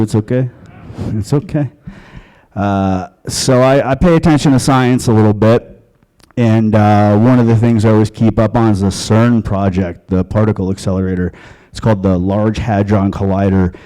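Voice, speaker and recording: A man performing a stand-up comedy set on a club stage into a handheld mic, with a crude, deadpan, conversational delivery. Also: on the low side, poor audio.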